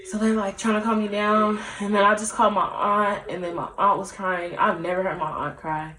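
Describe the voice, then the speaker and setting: A woman's voice: medium pitch, little pitch movement, moderate pace, hardly any pauses, bright, forceful tone. A young woman telling a personal story to her camera in a casual, chatty way, full of fillers and acted-out dialogue. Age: young adult. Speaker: vlogger. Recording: echoey room.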